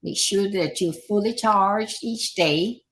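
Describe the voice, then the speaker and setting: A woman's voice: medium pitch, slow pace, a little hiss or hum. A middle-aged woman hosting a podcast, giving casual motivational advice and repeating her points with encouraging asides. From Florida, United States.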